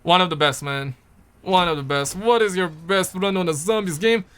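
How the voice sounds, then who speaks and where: A young man from Pakistan chatting casually on a gaming news livestream, deliberately swinging his voice up and down as he answers chat. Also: high-pitched, clear, resonant tone. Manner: animated, shifts his voice up and down on purpose.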